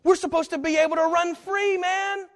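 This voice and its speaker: A man's voice: extremely high pitch, fairly even intonation, normal speed, voice pushed up. A man voicing a band of brash demons, mocking and exasperated at an unwelcome holy visitor. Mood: indignant. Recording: echoey hall.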